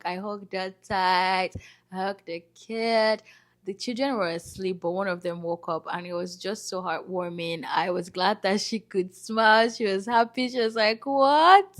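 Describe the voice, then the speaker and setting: A woman from Nigeria, narrating a travel vlog as an animated, chatty storyteller. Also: medium pitch, a little slow. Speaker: vlogger.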